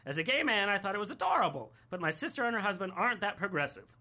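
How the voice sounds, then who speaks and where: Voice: mid-range voice, very animated, very fast, bright, forceful tone. A podcast co-host reading a listener question aloud and making sarcastic, mock-outraged quips in casual chat.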